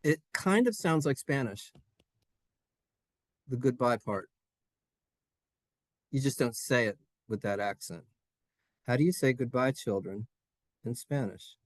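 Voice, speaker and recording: A man's voice: mid-range voice, expressive, unhurried, long pauses, no room sound, studio quality. A man teaching a playful Hebrew lesson to children in a synagogue classroom, jokey and sing-song.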